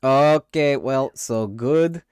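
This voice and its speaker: A man's voice: medium pitch, drawn-out words, smooth, dry recording, clean studio sound. A man streaming a game, joking in a mock-official inspector voice with a put-on accent and swearing. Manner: puts on a mock foreign accent. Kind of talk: comedic let's play commentary.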